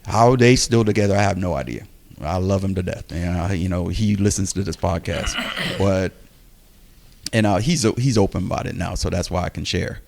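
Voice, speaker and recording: A man with a gravelly, fry-edged voice sitting a little low in pitch tells a casual story on a podcast. He is animated and acts out the quoted lines of the people in it. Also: moderate pace.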